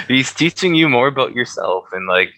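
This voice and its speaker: A man co-hosting a podcast in casual chat, teasing his friend and quick to laugh. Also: mid-range voice, huge pitch swings, bright, forceful tone, no echo, poor audio. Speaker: podcast co-host.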